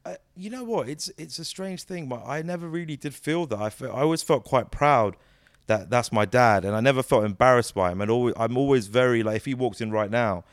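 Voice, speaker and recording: A man, a guest chatting in an interview, telling animated stories with restarts and bursts of impressions. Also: medium pitch, a little fast. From United Kingdom. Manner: animated storyteller, breaks into impressions, many restarts. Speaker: interview guest, comedic actor. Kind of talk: casual conversational interview.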